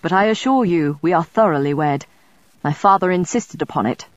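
A woman voicing a proud, sharp-tongued male courtier in an audiobook, measured and cutting. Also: lowish voice, lively intonation, no room sound, highs cut off, close to an everyday voice. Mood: cool.

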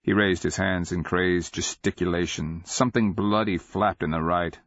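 A man narrating a dark fantasy audiobook in a measured, deliberate, dramatic way. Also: low-pitched, steady tone, no room sound. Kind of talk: scripted literary narration. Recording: slightly muffled dry recording.

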